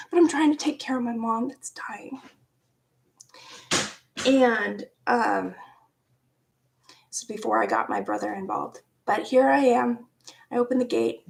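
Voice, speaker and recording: Gravelly, unhurried woman telling a story. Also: fairly high pitch. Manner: animated, laughs often, drops to hushed asides. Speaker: vlogger. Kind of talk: casual personal storytelling.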